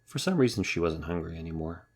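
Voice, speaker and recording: A man reading a children's storybook aloud in a wry, lively storytelling manner. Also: low voice, quick pace, husky. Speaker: narrator.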